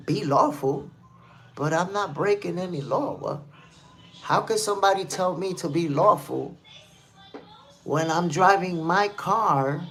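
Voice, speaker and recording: Hosting a live stream, a New York City man gives casual commentary as he reads through the chat, repeating himself with emphasis. His pitch is high and his tone a bit bright.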